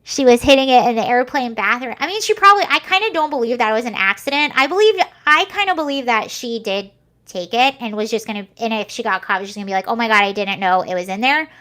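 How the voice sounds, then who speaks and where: Young woman vlogger, higher pitch, casual rambly commentary full of fillers. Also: lively intonation, fast, fairly bright tone. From United States. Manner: chatty, rambling, many fillers and restarts.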